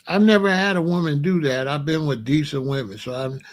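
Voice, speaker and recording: A middle-aged man, hosting a casual livestream, blunt and animated as he asks his chat for examples. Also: fairly high pitch, a little fast. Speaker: livestream host.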